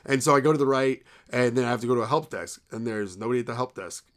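A man's voice: medium pitch, quick pace. A man in his thirties co-hosting a podcast, telling stories in a rambling casual way with lots of "like" and quoted dialogue. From New York area. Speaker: podcast co-host. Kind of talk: casual chat.

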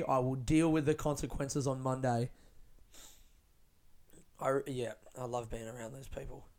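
Man, podcast host, animated sweary storytelling, slightly higher voice, casual monologue. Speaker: podcast host and stand-up comedian.

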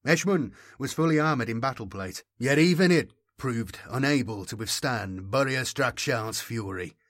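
A man reading a grim story aloud in a grave, measured narration style. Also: medium pitch, expressive, fairly bright tone, no echo, studio quality. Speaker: audiobook narrator. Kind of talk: scripted dramatic narration.

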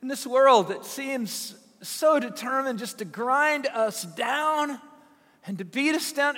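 A man's voice: very high voice, slow, pushed and bright, in a large hall. A pastor from Southern Illinois preaching a sermon, telling folksy, humorous stories to his congregation. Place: church sanctuary.

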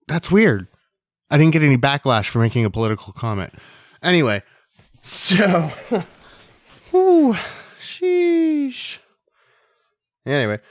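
A man's voice: on the high side, no echo, studio quality. A man hosting a solo podcast in a casual, rambling, joking way, swearing now and then and coughing between lines. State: hiccuping and coughing. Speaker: podcast host.

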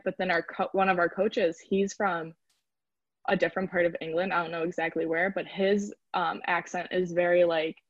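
A woman's voice: fairly low pitch, dry recording, dull audio. A young woman from the Chicago area, chatting casually in an interview as a college rower and filling her speech with "like". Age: young adult. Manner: chatty, lots of "like" fillers.

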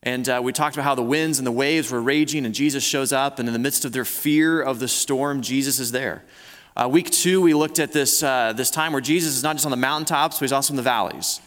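A man in the middle of a sermon, talking in a relaxed, conversational way that often stops and restarts. His mid-pitched voice carries a long reverb from the church hall around him. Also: brisk. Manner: conversational, with frequent restarts and repeated words. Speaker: pastor. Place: church sanctuary.

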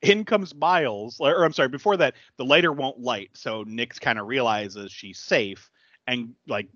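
Animated man recapping a movie. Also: no echo, lo-fi sound. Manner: animated retelling, jumps up in pitch for quoted characters, laughs often. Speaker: podcast co-host.

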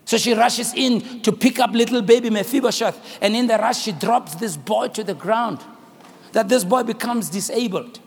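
A man from South Africa preaching a sermon, telling the story dramatically with voices and frequent shouting. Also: high voice, normal speed, creaky, husky, long reverb tail. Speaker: pastor.

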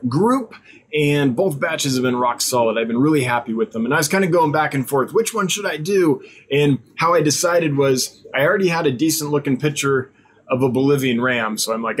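Guy chatting on his weekly fish stream, kinda high voice, rambly and friendly, lots of ums. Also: slight background noise. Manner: friendly and rambling, with frequent fillers and asides. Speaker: online fish seller hosting a weekly live stream. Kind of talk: casual live-stream chat.

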